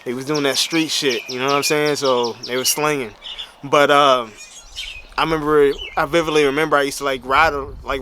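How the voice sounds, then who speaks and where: Slangy, bright-voiced man telling stories. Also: fairly high pitch, slight background noise. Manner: slangy and conversational, full of "you know what I'm saying". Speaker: bodybuilder and motivational speaker. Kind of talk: casual storytelling Q&A.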